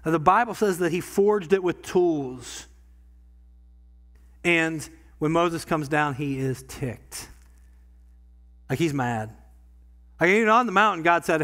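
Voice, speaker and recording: A pastor preaching a sermon in a church, talking conversationally and swinging from quiet asides to loud bursts. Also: male voice, a little high, lively intonation, takes it slowly, pauses often. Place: church sanctuary.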